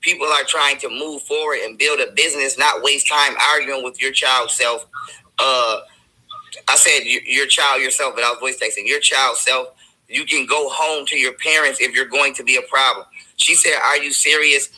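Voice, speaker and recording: A man's voice: medium pitch, fairly even intonation, normal speed, pushed and bright, poor audio. A man in a played video clip, defending himself in an argument and recounting text messages. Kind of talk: heated self-defense.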